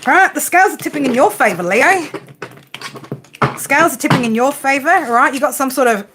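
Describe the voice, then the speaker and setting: A woman's voice: high voice, animated, a little fast, heavy background noise. An Australian woman giving a casual tarot reading to her viewers, blunt, teasing and heavily profane. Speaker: tarot reader.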